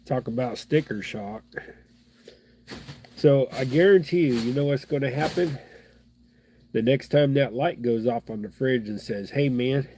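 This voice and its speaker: A man's voice: mid-range voice, unhurried, long pauses, a little mellow, slightly rough. Stuffy-nosed man, folksy chatter. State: stuffed-up nose. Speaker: fly-tying livestream host. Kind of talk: casual live fly-tying chat.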